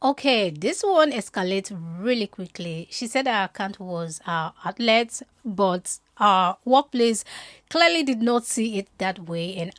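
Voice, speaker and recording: A woman's voice: medium pitch, animated, measured pace. A woman host giving chatty, conversational reaction commentary.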